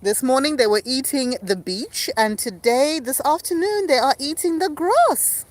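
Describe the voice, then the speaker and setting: A woman's voice: sits high, moderate pace, dry recording. A woman, a mother, playfully teaching animal words to her small child at home in a sing-song, coaxing way. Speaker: mother and host of a kids' learning video.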